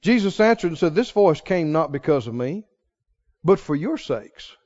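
A male preacher delivers a sermon with a high, sweeping voice that leaps up in excitement and drops to a hush. He keeps putting questions to his congregation. The recording sounds dull and lo-fi. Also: normal speed. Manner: dramatic, swings from loud exclaims to hushed low lines.

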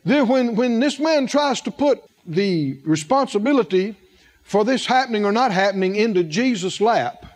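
A man's voice: high voice, animated, normal speed. A man preaching a sermon, asking the congregation questions and repeating words for emphasis.

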